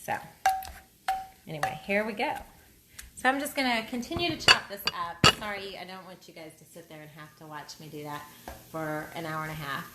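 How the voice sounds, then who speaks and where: A woman's voice: on the low side, a little fast. A woman hosting a casual live cooking demonstration from her home kitchen, chatty and rambling, poking fun at her own slips. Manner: chatty, rambling, self-deprecating. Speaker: cooking show host. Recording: echoey kitchen, loud frying noise. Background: sizzling pan and kitchen clatter.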